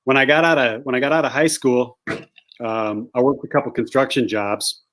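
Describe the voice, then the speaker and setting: Guy guest spinning a long funny story, talks casual and rambling, mid pitch. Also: normal speed. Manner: animated, rambling anecdote teller. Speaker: guest, hunting guide.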